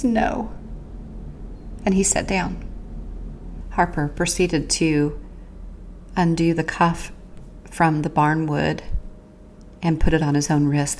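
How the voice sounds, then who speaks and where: A woman with a somewhat low voice tells her own story as a podcast host. She speaks earnestly and haltingly, pausing and restarting as she recalls each moment. She also speaks openly of prayer and faith. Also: darkish tone, a little hiss or hum. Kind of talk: first-person personal storytelling.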